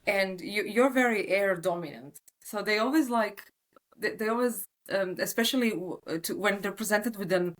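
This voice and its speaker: A woman's voice: medium pitch, moderate pace, poor audio. A woman hosting a podcast in casual conversation, enthusiastic and eager, often restarting her sentences. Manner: enthusiastic, stumbling restarts, talks about astrology.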